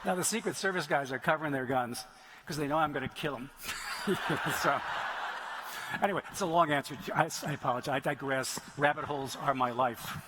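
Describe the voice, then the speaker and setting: A man's voice: a little high, fast, very noisy. A middle-aged man, an author on stage at a conference, telling a long anecdote and answering audience questions, wandering into digressions and restarting phrases. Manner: rambling storyteller, frequent restarts and digressions. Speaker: author speaking at a writers' conference. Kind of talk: anecdotal Q&A talk. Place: stage in a large venue.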